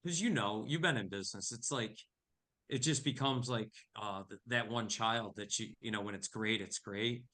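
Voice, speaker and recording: A middle-aged man from New York tells a story in a casual chat. His tone is bright and forceful, and he sits fairly low in pitch. He acts out every exchange he recounts. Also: moderate pace. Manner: animated storyteller, acts out quoted dialogue. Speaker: family business owner, podcast guest.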